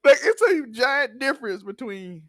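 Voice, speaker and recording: High-voiced guy hosting a tv recap podcast, bouncy pitch, keeps laughing and acting out lines, dry close mic. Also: moderate pace, no echo. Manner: animated, laughs often, acts out characters' lines. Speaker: TV review podcast host. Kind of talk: excited casual recap chat.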